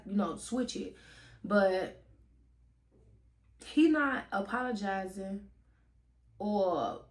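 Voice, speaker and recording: A young woman tells a storytime in a lively, casual way, talking straight to her viewers and cursing freely. Her voice sits at an ordinary middle pitch for a woman. She speaks into a headset mic. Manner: animated, addresses viewers as "y'all", swears freely. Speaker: storytime vlogger.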